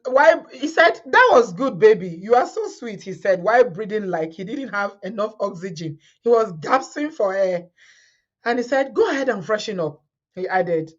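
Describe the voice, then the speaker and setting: A woman reading a viewer's story aloud in a casual way, often breaking into laughter and adding her own comments. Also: medium pitch. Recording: dull lo-fi sound.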